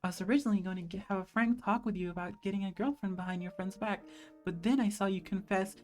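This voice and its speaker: A blunt, hurt teenage schoolgirl who doesn't hold back her swearing, read out by a woman in her own middle-pitched voice. She speaks like she's confronting her oldest friend. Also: quick pace, faint music behind, close to an everyday voice. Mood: hurt, angry.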